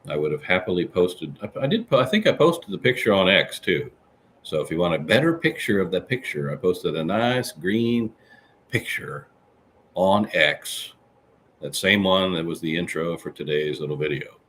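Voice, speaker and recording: A man's voice: moderate pace, slight background noise. A man hosting a live-stream podcast, chatting casually and rambling as he reads out viewer comments. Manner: chatty, rambling, animated swings in pitch. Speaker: livestream podcast host.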